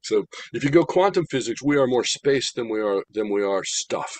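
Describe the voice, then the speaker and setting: An older American man giving an animated, humorous talk about his spiritual path, slowing down to stress points. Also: medium pitch, dry recording. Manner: animated, humorous, slows down for emphasis. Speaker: spiritual speaker. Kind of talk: storytelling talk.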